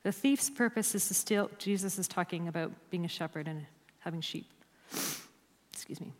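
Lady preaching in church, leans hard on words then goes quiet, big reverby hall. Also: on the low side, normal speed. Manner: emphatic, dropping to near-whispers on key words. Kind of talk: sermon.

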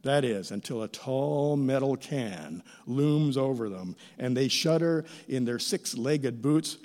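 Expressive middle-aged male pastor in a hall. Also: medium pitch, takes it slowly. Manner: expressive, theatrical emphasis with voiced quotes. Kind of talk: sermon. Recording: reverberant church hall.

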